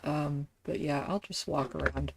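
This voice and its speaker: Woman streamer, unhurried, gravelly, rambling chat over faint keyboard clicks. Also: deep voice, fairly even intonation, noisy background. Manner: rambling, self-deprecating, many fillers. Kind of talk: casual game stream chat.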